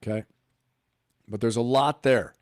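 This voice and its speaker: A man's voice: mid-range voice, steady tone, unhurried, no echo. Male live-stream host, emphatic and riffing, dry close sound. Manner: emphatic, riffing, full of rhetorical questions. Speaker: political commentary host.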